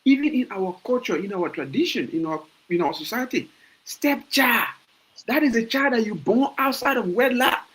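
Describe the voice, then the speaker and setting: A man's voice: sits high, expressive, fairly quick, few pauses, poor audio. A Liberian man with a Liberian accent talking casually on a podcast, passionate, often restarting phrases and asking rhetorical questions. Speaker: podcast host. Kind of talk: casual opinion talk.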